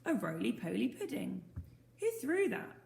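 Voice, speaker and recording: Young Scout boy, cheery and teasing; a woman voices him, raised pitch. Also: big pitch swings, normal speed, creaky, darkish tone, heavily acted. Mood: surprised. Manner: breezy, teasing, enthusiastic. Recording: roomy echo.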